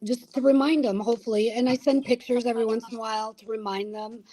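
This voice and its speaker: A woman guest in a casual talk-show chat, speaking softly and haltingly. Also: a little high, fairly even intonation, rough recording.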